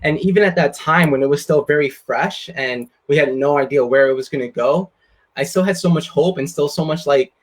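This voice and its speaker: A young co-host with a mid-pitched voice speaks in a casual live stream chat. The tone is earnest and encouraging, like gentle motivational advice. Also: brisk.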